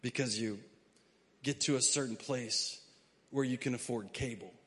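In a large hall, a male pastor with a mid-range voice delivers a sermon at a moderate pace. His quiet, chatty asides give way to loud, forceful preaching, and he reads passages of scripture aloud.

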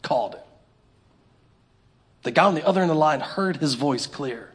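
A man preaching a sermon in a church, animated and humorous, acting out little scenes for the congregation. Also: on the high side, normal speed, breathy edge. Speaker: pastor. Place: church sanctuary.

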